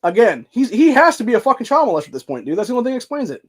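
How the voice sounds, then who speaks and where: High-voiced man in a profane rant. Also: sing-song, rapid-fire, husky. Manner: profane, heated, heavy filler words like dude and bro. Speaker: commentary host. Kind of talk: angry political rant.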